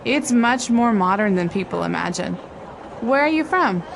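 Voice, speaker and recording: A woman's voice: mid-range voice, lively intonation, moderate pace, creaky, low-quality recording. A friendly local woman. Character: friendly young woman who works in the city. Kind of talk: scripted dialogue. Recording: dialogue with vehicle noise behind.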